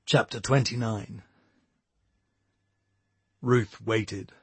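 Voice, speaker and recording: A man narrating a novel in a measured storytelling voice. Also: lowish voice, steady tone, husky, no echo. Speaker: audiobook narrator. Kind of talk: scripted narration.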